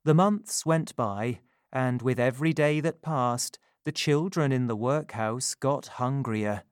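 Slow, calm storybook narrator, a man. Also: mid-range voice, clear, resonant tone, no room sound, studio quality. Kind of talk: storybook reading.

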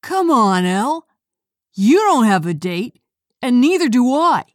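A smug, insistent teenage boy in a storybook reading, pressing his case loudly, as a woman puts him on. His voice sits fairly high and lively. The sound is close and dry. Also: measured pace, no room sound. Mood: pushy. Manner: insistent, cajoling.

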